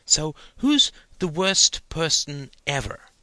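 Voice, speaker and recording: Guy doing a little kid voice, higher up, bright and pushy, stumbly questions nonstop. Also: sing-song, no room sound, exaggerated voice. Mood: eager. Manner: eager, halting, full of questions. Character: curious earnest little boy, about six.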